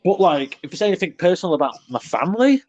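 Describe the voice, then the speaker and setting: A British man chatting casually on a podcast over an online call. His voice sits slightly high, and he talks bluntly and animatedly, sliding into slang and tangents as he goes. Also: big pitch swings, quick pace, a little mellow, highs cut off. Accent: British English. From Britain. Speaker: podcast co-host.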